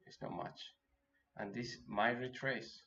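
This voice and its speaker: A man giving live commentary as he day trades, thinking aloud and talking himself through his nerves with halting restarts. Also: medium pitch, fairly even intonation, bright, forceful tone. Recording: dull lo-fi audio with faint noise.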